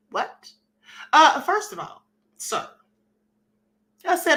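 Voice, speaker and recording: Give me a sassy middle-aged woman with a bright lively voice chatting on her live stream. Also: sits high, slow pace, pauses often. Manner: sassy, animated, acts out little dialogues, laughs often. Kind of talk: casual live-stream talk reading chat comments.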